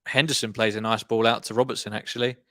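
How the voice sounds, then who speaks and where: A man's voice: on the low side, quick pace. A young man hosting a live football watchalong, giving exasperated fan reactions as the match plays out. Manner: animated, exasperated fan commentary.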